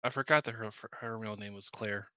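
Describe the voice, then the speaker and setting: A man's voice: lowish voice, fairly even intonation, a little fast, sharp tone, clear, resonant tone, no room sound, dull audio. A man streaming a game, chatting casually and thinking aloud as he hunts through his files. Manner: distracted, thinking aloud while hunting for files. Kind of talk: casual gameplay chat.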